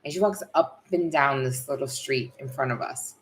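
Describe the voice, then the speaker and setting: A middle-aged woman from the United States chatting casually as a vlog co-host, animated and storytelling. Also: a bass voice, moderate pace, a little hiss or hum. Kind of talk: casual live chat.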